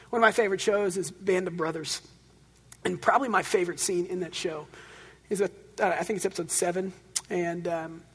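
A man preaching a sermon, telling stories with animated swings between loud, driven passages and hushed, quiet ones. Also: sits high, a little fast, breathy edge. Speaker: pastor. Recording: long reverb of a large hall.

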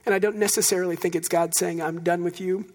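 Husky high-voiced man preaching in a hall. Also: fairly even intonation, fast. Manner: conversational storytelling with self-deprecating humor. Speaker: pastor. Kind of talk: sermon.

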